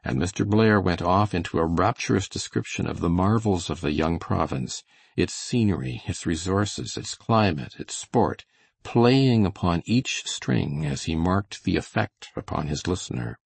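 A man reading a novel aloud in measured, scripted narration. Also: sits low, animated, creaky, breathy edge, no echo. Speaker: audiobook reader.

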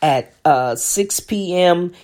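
A woman's voice: fairly low pitch, expressive, takes it slowly, darkish tone. A middle-aged woman pastor giving an emphatic devotional message and church announcements, with fillers and repeated phrases.

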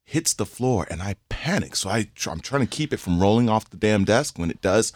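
A man in his forties, a podcast co-host telling a funny story in casual chat and acting out the voices in it. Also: a little fast. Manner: animated, acts out quoted voices with big pitch jumps.

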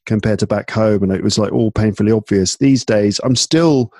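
Relaxed chatty English podcast host. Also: male voice, fairly low pitch, normal speed, dry recording. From England. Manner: relaxed, chatty, frequent fillers and restarts. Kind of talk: casual podcast conversation.

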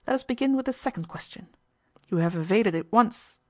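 A woman's voice: medium pitch, animated, a little fast, close to an everyday voice. A woman reading the part of a bold, determined young American woman who presses hard with cool, commanding questions. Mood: pressing.

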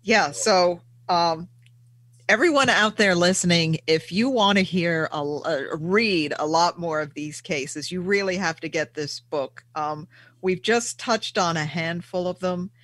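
A man's voice: sits high, a little slow, a bit bright, no room sound. A man hosting a talk show, summing up the guest's points and speaking to listeners. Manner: sums up and prompts the guest. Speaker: host.

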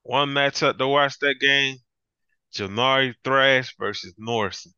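A man co-hosting a sports podcast in casual chat, animated and ranting, often breaking into laughs. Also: mid-range voice, unhurried, clean tone, dry recording. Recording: dull lo-fi dry sound.

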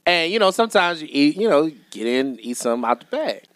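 A man's voice: fairly high pitch, fast, no room sound. A man co-hosting a podcast in a studio, chatting casually and telling stories with lots of laughter. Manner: animated storyteller, laughs often. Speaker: podcast co-host. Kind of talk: casual chat.

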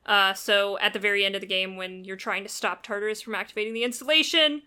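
Bright-voiced woman, animated podcast chat. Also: mid-range voice, quick pace, clean tone. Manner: animated, recapping a story. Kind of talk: casual chat.

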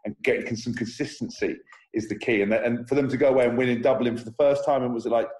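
A quick-talking man from England chats about rugby in a loose, excitable way. His voice bounces around an echoey room. He rambles with energy, like a former player among friends. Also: mid-range voice. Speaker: former player, podcast co-host. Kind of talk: casual sports chat.

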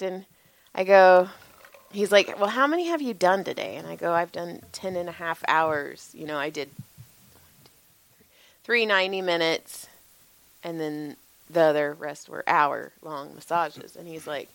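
Woman, 40s, lively profane storyteller, acts out quotes with laughter, dry mic. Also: on the low side, moderate pace, creaky, no echo. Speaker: podcast co-host, massage therapist. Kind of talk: casual storytelling chat.

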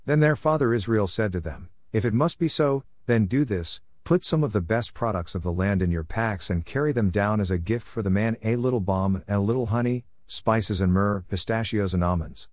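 Low-voiced man reading scripture. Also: normal speed, hardly any pauses, a little mellow, no room sound, studio quality. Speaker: Bible reader.

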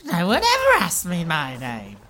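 A man voicing a fawning, easily flattered female villager in a tabletop game, with gushing, squealing delivery. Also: high voice, normal speed, voice pushed up, heavily acted.

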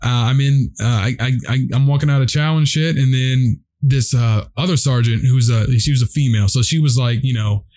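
A young man tells a loose, rambling story to his friends, full of fillers and swearing. His voice sits at an ordinary middle pitch and he talks casually and unhurried. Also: darkish tone. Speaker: guest telling a story.

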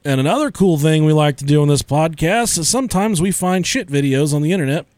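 A young man hosting a casual podcast, joking crudely and swearing freely. His voice sits a little high. The sound is dry and close, with no room in it. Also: animated, quick pace, darkish tone, no echo. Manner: crude, joking, swearing often, frequent laughter. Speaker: podcast host.

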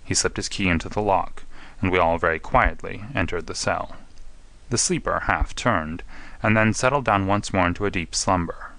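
A man narrating a classic detective story in a measured, distinct reading. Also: low-pitched, vocal fry, a bit bright, dry recording. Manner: measured, distinct reading with voices for each character. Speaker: audiobook narrator.

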